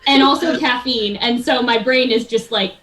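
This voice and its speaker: A woman guest on a live talk stream, chatting in an excitable, rambling way and laughing often. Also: fairly high pitch, normal speed, over music, poor audio. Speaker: guest, game developer and streamer. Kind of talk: casual chat.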